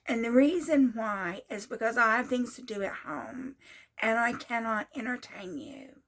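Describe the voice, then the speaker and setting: A woman in her sixties speaks with a high voice in a casual vlog monologue. She retells events in a repetitive, exasperated way, circling back to the same points. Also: animated, measured pace, a bit bright. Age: 60s. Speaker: vlogger.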